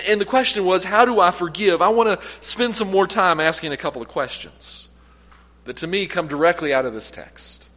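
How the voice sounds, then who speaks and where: A fairly high-pitched pastor preaches to a congregation in a church sanctuary, keeping it loose and conversational. He corrects himself mid-sentence and lets phrases sink quiet at the end. The recording is dull and lo-fi, with a long echo from the hall.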